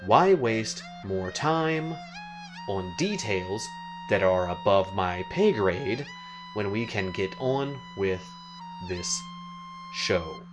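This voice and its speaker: Man, radio host, drawn-out delivery, lively pitch, put-upon, guitar music in background. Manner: slow, put-upon and forcedly cheerful. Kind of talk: mock public radio hosting.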